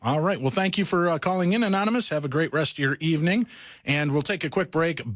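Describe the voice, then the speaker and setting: A man's voice: on the high side, fast, fairly bright tone, no echo, clean studio sound. A man hosting a late-night radio talk show, chatty and jokey as he takes callers and runs promos. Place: radio studio.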